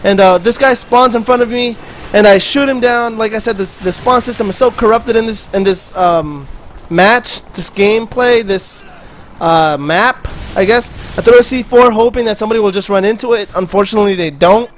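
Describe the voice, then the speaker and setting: Man, high voice, casual gameplay commentary, rambling, chatty, swears offhand, home mic. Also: moderate pace, slight background noise. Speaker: gaming channel host.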